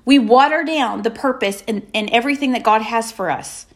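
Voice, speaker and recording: Emphatic woman giving faith-based encouragement. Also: a little high. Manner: emphatic, repetitive affirmations with drawn-out pauses. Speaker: motivational speaker. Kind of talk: faith-based motivational talk.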